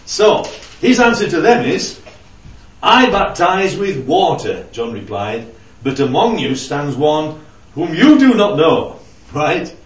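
A man with a fairly high voice that rises and falls a lot leads a casual Bible study. He keeps checking in with his listeners as he explains. He sounds distant and echoey on a dull, lo-fi recording. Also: sing-song, slow. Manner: conversational, keeps checking in with "right?" and "yeah?". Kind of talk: informal Bible study teaching. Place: room with a small group.

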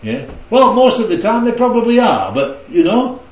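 A man with a high voice leads a Bible study at a moderate pace, his tone lively and rising and falling. He teaches interactively and conversationally, constantly checking in with the group. The recording is roomy and slightly dull.

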